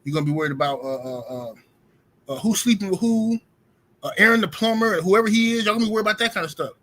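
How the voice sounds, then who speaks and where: Slangy, ranting man with a bright, husky voice. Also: high voice, animated, fast talker. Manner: loose slangy rant, greets viewers. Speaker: livestream host. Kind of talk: casual livestream commentary. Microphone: streaming setup mic.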